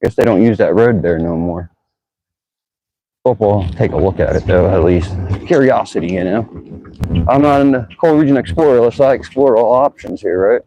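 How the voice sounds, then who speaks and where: On the low side and warm in tone, this man's voice moves at a moderate pace through a rough recording. He narrates casually while riding a bike through town, vlogging outdoors and musing aloud to a bike-mounted camera in a chatty, easygoing manner.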